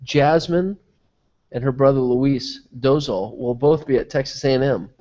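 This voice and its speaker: Nasal guy hosting a live stream interview, jokey, lots of quick follow-ups, kinda dull lo-fi sound. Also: mid-range voice, dark tone. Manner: chatty, joking, asks quick follow-ups. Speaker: interviewer and host. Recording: dull lo-fi mobile broadcast.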